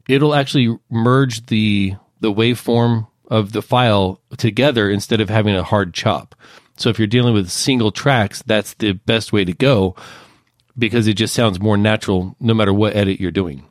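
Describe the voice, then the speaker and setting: A man working as an associate producer, calmly walking through his podcast editing process step by step in a casual chat. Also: mid-range voice, dry recording, studio quality. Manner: detailed, methodical step-by-step explaining.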